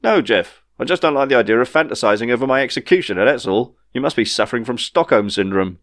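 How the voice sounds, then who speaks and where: A man's voice: medium pitch, expressive, quick pace, no echo, studio quality, lightly acted. A man voicing a gloomy, despairing man who talks in a whiny, sorrowful way in a storybook reading. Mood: dry.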